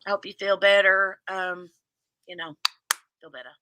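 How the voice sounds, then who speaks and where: A woman's voice: medium pitch, little pitch movement, moderate pace, background noise. A woman with a Southern US accent from the Kentucky–Indiana border, chatting casually on a craft livestream and reading viewer comments aloud. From southern Indiana near Louisville, Kentucky.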